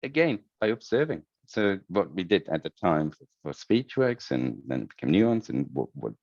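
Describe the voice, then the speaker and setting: Very deep-voiced man, halting and thoughtful. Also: sing-song, darkish tone, no room sound. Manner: thoughtful, many restarts and repeated words. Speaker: guest, head of user experience. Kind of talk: conversational podcast interview. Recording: dull, lo-fi remote audio.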